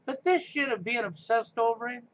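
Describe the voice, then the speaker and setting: A man's voice: very high voice, moderate pace, fairly bright tone. A man hosting a live stream, delivering a combative, sarcastic rant. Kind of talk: ranting live stream monologue. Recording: muffled lo-fi stream audio with faint noise.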